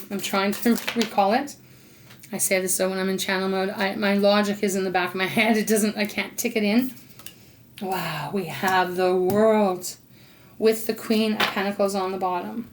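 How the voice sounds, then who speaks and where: A woman doing an intuitive tarot reading, talking in a loose, rambling way and pausing to ask her spirit guides. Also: mid-range voice, fairly even intonation, a little hiss or hum. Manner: rambling, warm-hearted, talks to spirit guides between cards. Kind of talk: casual spoken tarot reading.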